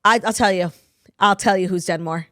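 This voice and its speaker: Fast-talking gossipy woman podcast host. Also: fairly low pitch, a bit bright, no room sound, clean studio sound. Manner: chatty gossip, many "like" fillers, fast outro read. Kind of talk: casual chat.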